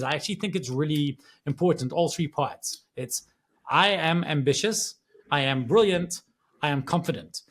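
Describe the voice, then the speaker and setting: A man co-hosting a podcast, thinking out loud in a rambling, reflective way with many restarts in a casual conversation. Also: on the high side. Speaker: podcast co-host.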